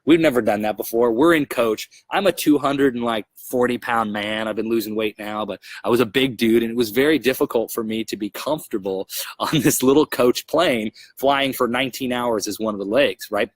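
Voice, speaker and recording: A young man hosts his own podcast and tells a personal travel story in a loose, conversational way. His voice is husky and sits in a middle pitch. He gets animated as he acts out his own frustrated outbursts, all on a dry, close mic. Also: moderate pace, no echo. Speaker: podcast host. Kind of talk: casual storytelling monologue.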